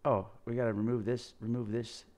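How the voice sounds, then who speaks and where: A man's voice: mid-range voice, flat delivery, a little fast, darkish tone. A man venting in a rambling, exasperated way over his computer screen, full of fillers, restarts and swearing. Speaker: gaming video creator. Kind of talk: casual screen-share rant.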